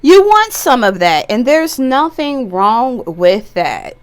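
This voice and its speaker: A woman's voice: a little high, sing-song, slow pace, clear, resonant tone. A woman giving a casual pick-a-card tarot reading, chatty and playful, with bawdy jokes and bursts of laughter. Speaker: tarot reader.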